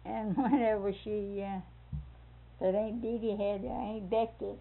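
Gravelly older woman telling stories. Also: mid-range voice, measured pace, slight background noise. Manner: lively storyteller who acts out voices and laughs often. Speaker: interviewee telling a family story. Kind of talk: oral history storytelling. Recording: lo-fi phone-like recording.

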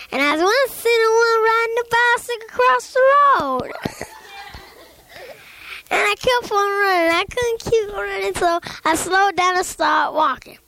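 Very high-pitched child telling a spooky story. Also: female voice, a little slow, pauses often, background noise. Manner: rambling, breathless, Southern-style storytelling with sound effects and laughs. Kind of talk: spooky story told aloud.

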